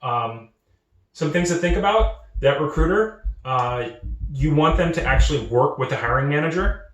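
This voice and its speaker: A man's voice: fairly high pitch, moderate pace, echoey room. A young man giving casual advice to junior developers, earnest, often repeating and restarting his words. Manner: acts out quoted recruiters in lively voices. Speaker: channel host.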